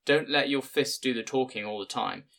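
A man voicing a gruff, stern older village father who talks bluntly and scolds often. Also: medium pitch, fairly bright tone, pitched above the performer's own voice. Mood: stern scolding. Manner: blunt, scolding, quick to lecture.

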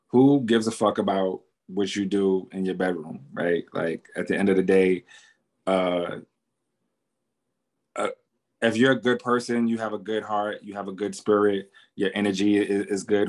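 A man's voice: lowish voice, a little mellow. Laid-back man hosting an interview. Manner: laid-back, conversational, lots of ums. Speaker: interviewer host. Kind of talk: casual interview.

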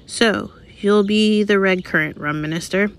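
A woman's voice: medium pitch, measured pace, close to an everyday voice. A woman doing a chatty, curious pub landlady. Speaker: reader. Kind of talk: read-aloud audiobook.

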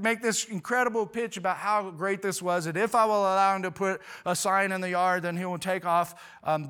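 Bright, animated male preacher. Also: high-pitched, smooth. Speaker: pastor. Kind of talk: sermon storytelling.

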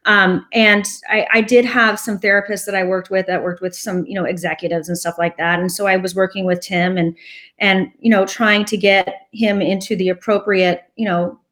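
A woman's voice: medium pitch, steady tone, normal speed, fairly bright tone. A woman guest in a casual interview, chatty and rambling, telling a long story and laughing often. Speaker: nonprofit co-founder and interview guest.

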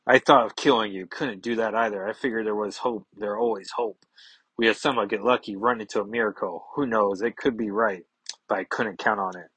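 A man reading the lines of a gruff, blunt male mutant fighter from a comic in his own low, husky voice. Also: steady tone, a little fast, fairly bright tone, dry recording, poor audio. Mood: grim.

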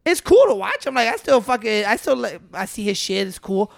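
A woman's voice: medium pitch, big pitch swings, brisk, vocal fry, hardly any pauses, no room sound, studio quality. A woman chatting casually on a podcast, cursing freely and switching between English and Spanish. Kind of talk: casual chat.

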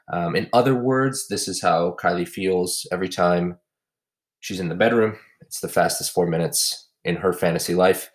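A man hosting a casual comedy podcast, recapping his fantasy league with crude jokes and deadpan roasts. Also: low voice. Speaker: podcast host and league commissioner.

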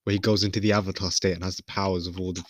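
A man's voice: low voice, flat delivery, racing, no echo, studio quality. A young man, hosting a casual podcast chat with playful, teasing banter. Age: young adult. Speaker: podcast host.

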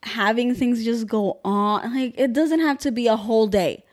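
A woman talks openly in a casual podcast conversation, with frequent "like" fillers. Her voice sits somewhat high for a woman. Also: normal speed. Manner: open, talkative, uses like often.

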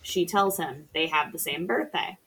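A woman's voice: low-pitched, animated, normal speed, a bit bright, a little hiss or hum. A woman casually recapping a film on a podcast, chatty and sarcastic, swearing freely. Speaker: podcast co-host or guest. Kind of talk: casual movie recap chat.

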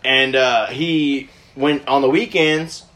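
A man's voice: mid-range voice, steady tone, slow, fairly bright tone, a little hiss or hum. A young man casually telling a long story in a rambling, profane way, full of fillers like "like" and "you know". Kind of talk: casual chat.

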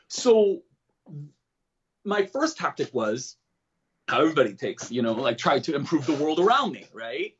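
A man telling a candid personal story in an interview, self-deprecating and joking about dark things. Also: a little high, normal speed, muffled recording. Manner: animated, switches into quoted voices. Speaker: comedian and guest.

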